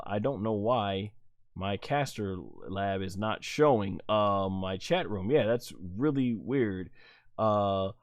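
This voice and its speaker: A man with a lowish voice hosts a live stream, talking in a halting, rambling way as he works through viewers' chat messages. The sound is close and dry, with no room echo. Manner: halting and rambling, thinking aloud; reads viewers' chat messages aloud and answers them. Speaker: wrestling show reviewer and live streamer.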